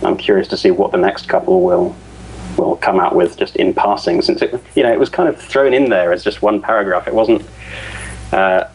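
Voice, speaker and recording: A man's voice: sits low, moderate pace, darkish tone, a little hiss or hum, rough recording. A man who grew up in the US and now lives in the UK, chatting as a podcast guest in a hesitant, self-deprecating way. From grew up mainly in the US, now lives in the UK. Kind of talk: casual podcast chat.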